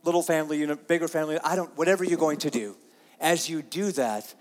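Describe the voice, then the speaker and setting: A man's voice: on the high side, quick pace, in a large hall. A man preaching a sermon, earnest and repeating himself, reading scripture aloud. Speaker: pastor.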